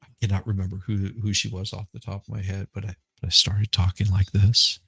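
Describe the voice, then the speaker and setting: A man's voice: low voice, level tone, fairly quick, creaky, a bit bright, slightly rough, dry recording. Chatty man rambling on a live stream. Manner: rambling, with restarts and laughter. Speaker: guest streamer. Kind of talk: casual live chat.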